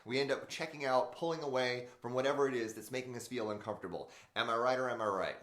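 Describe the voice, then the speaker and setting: A man's voice: medium pitch, fast talker, fairly bright tone. A man hosting an unscripted motivational live stream, speaking emphatically, swearing and talking to his viewers. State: in pain, wearing back brace. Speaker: motivational show host. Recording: roomy echo.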